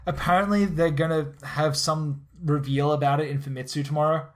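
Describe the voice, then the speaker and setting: A man with an Australian accent co-hosting a casual podcast chat, talking quickly and excitedly with lots of restarts. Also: fairly high pitch. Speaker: podcast co-host.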